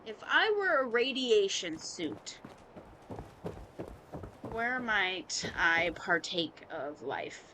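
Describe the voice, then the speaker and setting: A woman's voice: medium pitch, very animated, drawn-out words, long pauses, bright, forceful tone, slight background noise, poor audio. A woman streamer chatting casually while playing a game, joking and muttering at the screen. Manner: playful, jokey, muttering to the game. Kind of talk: casual gameplay chat. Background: game music.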